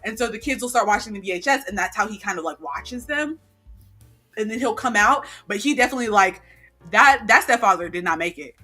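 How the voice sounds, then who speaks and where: A woman's voice: mid-range voice, brisk, faint music behind. A woman co-hosting a casual chat podcast, retelling a story with lots of fillers and acted-out quotes. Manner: animated storytelling, acting out quotes. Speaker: podcast co-host.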